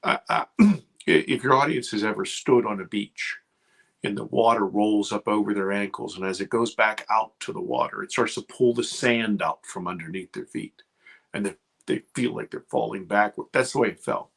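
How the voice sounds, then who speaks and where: A man in his fifties, a radio show guest, retelling a frightening childhood memory in halting, emotional speech. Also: on the low side, vocal fry, a bit bright, breathy edge. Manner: emotional, halting, restarts under strain. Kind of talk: personal story on a talk radio show.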